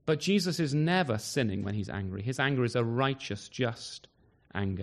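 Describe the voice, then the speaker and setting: A man's voice: medium pitch, animated, fairly quick. A man preaching a sermon at an evening service, emphatic, often closing points with rhetorical tag questions like "isn't he?".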